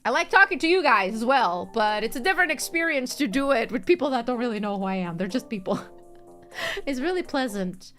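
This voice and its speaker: Woman streamer, high and lively, chatty and giggly, soft music underneath. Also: a little fast. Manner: rambling, chatty, laughs often. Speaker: virtual streamer. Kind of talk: casual chat stream.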